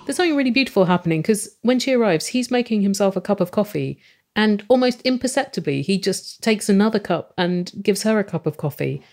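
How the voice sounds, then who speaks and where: An English woman co-hosting a podcast, recapping a TV show in casual, animated chat. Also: medium pitch, quick pace. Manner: chatty, giggly, animated storytelling. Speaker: podcast co-host.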